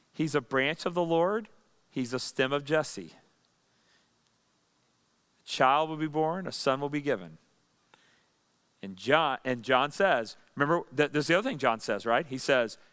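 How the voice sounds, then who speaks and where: A man's voice: medium pitch, fairly bright tone. A pastor leading a Bible study, teaching in a conversational way, asking and answering his own questions.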